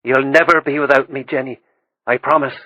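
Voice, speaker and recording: A man voicing a kind, motherly countrywoman who scolds gently, in an audiobook. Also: mid-range voice, steady tone, a little fast, no room sound, muffled recording, natural voice. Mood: caring, gently scolding. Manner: gentle mock sternness.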